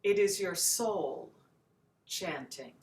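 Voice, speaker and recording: Slow, soft-spoken woman chant teacher. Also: fairly low pitch, expressive. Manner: soft, slow, gentle speech, breaking into sung chant demonstrations. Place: home room with chair, screen share.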